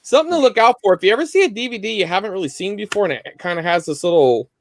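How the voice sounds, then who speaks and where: A man's voice: sits high, animated, rapid-fire, slight background noise. A man co-hosting a live online collecting chat, talking casually and rambling with lots of fillers over a video call. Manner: rambling, loose, many fillers.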